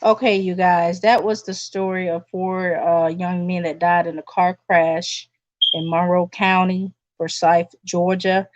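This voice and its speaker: A woman's voice: on the low side, little pitch movement, unhurried, no echo. A woman podcast host chatting casually to viewers, thankful and loose with fillers. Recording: dull dry home recording.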